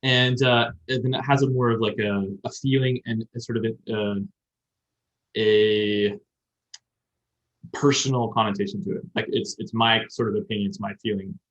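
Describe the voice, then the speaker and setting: A man's voice: lowish voice, steady tone, moderate pace. A man hosting a podcast, explaining grammar at length in a casual chat and thinking aloud as he goes. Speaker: podcast host teaching Japanese. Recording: dull lo-fi sound.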